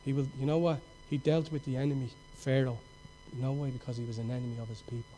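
A middle-aged man preaching a sermon with passion, telling stories and swinging between loud outbursts and hushed moments. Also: medium pitch, level tone, fast, slight background noise.

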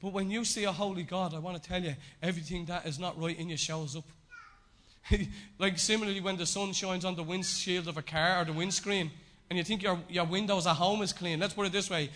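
A man preaching a sermon in a conversational way, swinging between raised, emphatic lines and hushed, low repetitions. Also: fairly even intonation, fairly quick.

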